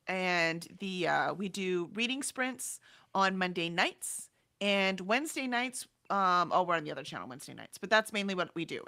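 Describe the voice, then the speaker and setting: A woman's voice: lowish voice, bright, forceful tone. A woman, a publisher and editor, chatting casually in a bubbly, teasing way with lots of laughter. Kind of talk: casual chat.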